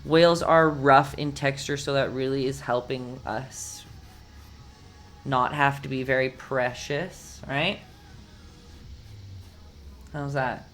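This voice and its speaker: Low-voiced chatty woman teaching painting. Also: steady tone, slow pace, long pauses, faint music behind. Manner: chatty and encouraging, hums while working. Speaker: painting instructor. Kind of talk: live-streamed painting lesson.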